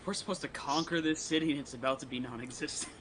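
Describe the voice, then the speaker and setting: A man taking part in a tabletop game, cracking jokes and swearing freely. His voice is bright and slightly high, with faint room sound behind. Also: fast talker, a little hiss or hum. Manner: profane, jokey. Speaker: player.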